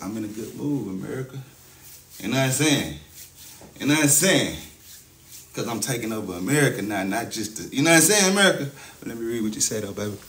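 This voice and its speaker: A young man chats on a livestream in a gravelly, lowish voice. He is boastful and hyped, and he keeps throwing "you know what I'm saying" at his viewers. Faint background noise sits under his voice. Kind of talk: casual livestream chat.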